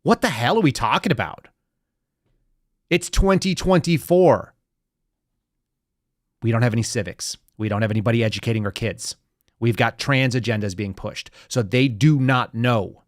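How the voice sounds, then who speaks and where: A man's voice: medium pitch, expressive, brisk, no room sound. Angry male podcast host, swears, sarcastic, dry close sound. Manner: fired up, profane, sarcastic. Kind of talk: heated political commentary.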